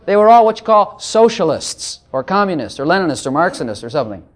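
A man's voice: high voice, big pitch swings, fast. A man preaching a sermon, joking between passages of scripture he reads aloud. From Texas.

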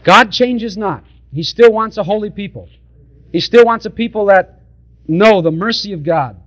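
A high-voiced man preaching a sermon. He is emphatic and direct with his congregation and hammers his points home through repetition. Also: normal speed, fairly bright tone.

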